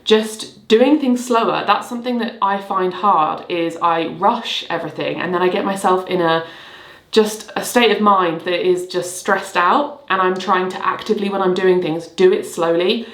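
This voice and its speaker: A woman chatting casually in a relaxed, rambling way as a lifestyle vlogger, talking to camera in her bathroom at home. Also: on the low side, moderate pace. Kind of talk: casual vlog chat while tidying. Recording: echoey bathroom.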